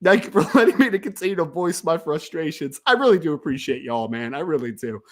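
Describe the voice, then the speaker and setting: A young man hosts a live sports talk stream, emphatic and visibly frustrated. His pitch rises and falls widely as he pushes his points. He keeps talking casually and directly to his viewers. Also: fast. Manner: frustrated, emphatic, ranting then calming. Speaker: sports podcast host.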